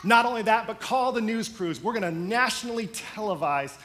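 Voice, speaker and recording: A man's voice: sits high, animated, fairly quick, a bit bright, voice pushed up. A man voicing a ruthless, commanding male president during a sermon retelling. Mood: stern.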